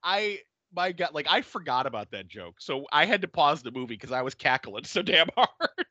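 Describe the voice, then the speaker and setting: A man hosting a casual movie recap podcast, telling stories in an animated way, laughing often and swearing freely. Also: a little high, moderate pace, dry recording, dull audio. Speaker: podcast host.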